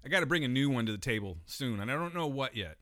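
A man's voice: medium pitch, expressive, fast talker, sharp tone, no room sound, clean studio sound. A man co-hosting a podcast in casual chat, joking and swearing, slipping into impressions. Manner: profane, joking, breaks into impressions. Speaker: podcast co-host.

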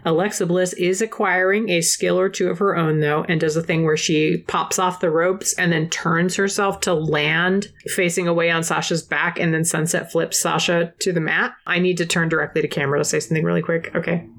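A woman's voice: on the low side, fairly even intonation, brisk, few pauses, fairly bright tone. A woman hosting a podcast, recapping with sardonic, profane asides. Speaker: podcast host. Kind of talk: casual chat and recap.

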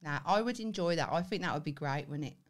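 Giggly, lively woman. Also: low-pitched, quick pace. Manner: loud, giggly, sweary, lively. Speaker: podcast co-host. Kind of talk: casual banter.

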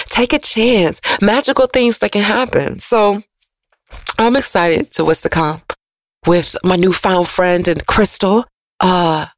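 A woman radio host, giving an emotional, preachy motivational monologue that swings from loud to soft. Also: mid-range voice, gravelly, dry recording, studio quality.

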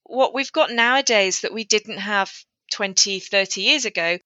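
A woman's voice: mid-range voice, moderate pace, pushed and bright, dry recording, lo-fi sound. A woman author talking through her writing in a casual interview, thoughtful and prone to restarts. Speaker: author guest. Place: lives in North Wales.

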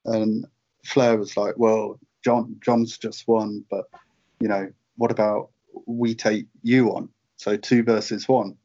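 Over a dull lo-fi call line, a British merchandise writer in his late thirties tells a long, casual interview story packed with fillers and chuckles. He speaks slowly in a lowish, dark voice with a level tone.

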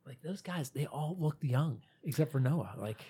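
A man's voice: on the high side, expressive, normal speed, mellow, slightly rough. A man co-hosting a podcast, chatting casually in a blunt, profane way. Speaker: podcast co-host. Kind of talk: casual chat.

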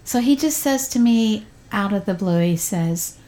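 A woman's voice: medium pitch, measured pace. A woman hosting a casual family podcast, telling stories about her son with frequent laughter. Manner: lively storyteller, laughs often, voices a child's lines. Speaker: podcast host and mother. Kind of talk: casual chat.

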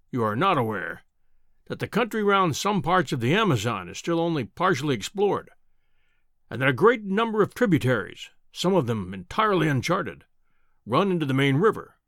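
A man voicing a pompous, booming older professor who lectures in a condescending, imperious way in an audiobook reading. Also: fairly bright tone, dry recording, clean studio sound.

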